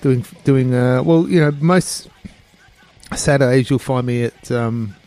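A man's voice: medium pitch, measured pace, a little mellow. A middle-aged man with an Australian accent hosting casual radio chat in a laid-back, chuckling way. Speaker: radio host. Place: radio studio.

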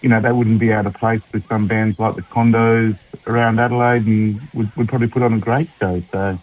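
A man's voice: on the low side, level tone, fairly quick, narrow, tinny audio. A man with an Australian accent calling in to a radio show, chatting in an easygoing, rambling way with dry humour. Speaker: caller. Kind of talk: casual chat on air. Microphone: phone.

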